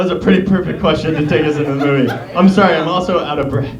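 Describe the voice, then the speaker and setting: A man moderating a theater Q&A, quick and self-deprecating. His slightly high voice comes from afar, with an audience around. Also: lo-fi sound, crowd noise. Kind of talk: moderating a panel Q&A. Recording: echoey theater, distant mic.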